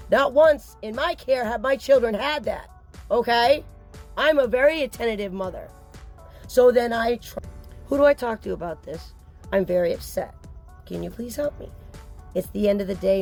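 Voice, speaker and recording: A woman's voice: mid-range voice, creaky, a little mellow. Upset woman pleading her case. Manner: upset, insistent, blunt with occasional swearing. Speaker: mother speaking out. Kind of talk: emotional personal vlog.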